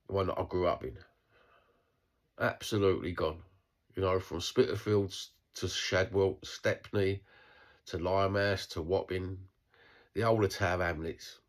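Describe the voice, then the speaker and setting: A man's voice: low-pitched, a little mellow. A middle-aged Cockney man from East London talking bluntly in an unscripted video diary, swearing and rambling with restarts. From East London, England. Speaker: vlogger.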